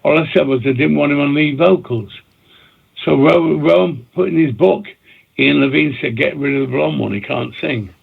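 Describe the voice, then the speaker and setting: A man's voice: fairly high pitch, moderate pace. A man guest, a record producer and DJ, telling long rambling stories in an interview, repeating himself and restarting his sentences. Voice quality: gravelly and husky. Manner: talks in bursts, repeats himself, many restarts. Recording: tinny phone-line audio.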